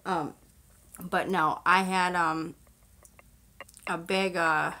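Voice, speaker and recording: A woman's voice: lowish voice, fairly even intonation, extremely slow, pushed and bright. A young woman chatting casually on her own live stream, rambling with lots of fillers and frequent laughter, recorded on a camera on a selfie stick at home. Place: home room with a fan on.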